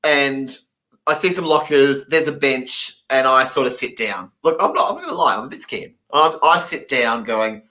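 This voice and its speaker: A man voicing a deaf comedian's stand-up story, animated and acting out the people he quotes. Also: mid-range voice, normal speed, rough recording.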